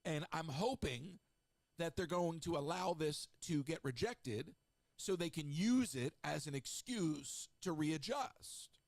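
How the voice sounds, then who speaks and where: Middle aged guy doing a talk radio show, rambly and snarky, kinda high gravelly voice. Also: takes it slowly, no room sound. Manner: chatty, snarky, rambling with lively asides. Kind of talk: casual solo radio talk.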